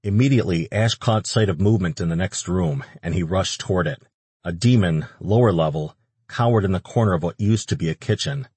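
A man reading an audiobook in steady, even scripted narration, recorded close on a studio mic. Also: low voice, a little fast, slightly rough, no echo.

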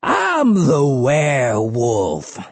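A reader voicing a crazed, wild-haired swamp hermit man who shrieks with high-pitched laughing wails. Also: wildly swooping pitch, very slow, breathy edge, no room sound, full character voice. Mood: shrieking mania.

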